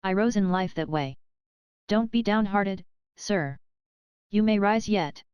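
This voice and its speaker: A woman reading the lines of a composed, strong former soldier in a storybook, speaking calmly and bluntly. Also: mid-range voice, slow pace, smooth, no room sound, highs cut off, natural voice. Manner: calm, blunt, steady. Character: gruff composed old soldier, big and strong.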